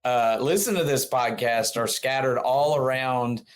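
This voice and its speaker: Slow-talking podcast host. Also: mid-range voice. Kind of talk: casual chat.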